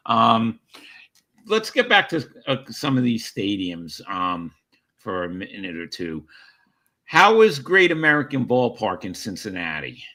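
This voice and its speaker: Lively bright-voiced male host. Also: lowish voice, unhurried. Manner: upbeat, steering questions. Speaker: podcast host. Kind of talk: casual interview chat. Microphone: video call.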